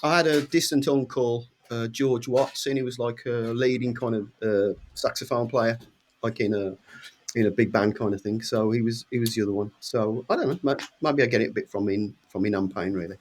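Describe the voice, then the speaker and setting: An English man in his sixties spins a long, casual anecdote at a middle pitch. He keeps breaking into the voices of the people he quotes, with sudden leaps up in pitch, and laughs his way through the wilder moments. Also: fairly quick, slight background noise. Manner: lively anecdotes, acts out quoted voices with big pitch jumps. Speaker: guest musician. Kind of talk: casual storytelling.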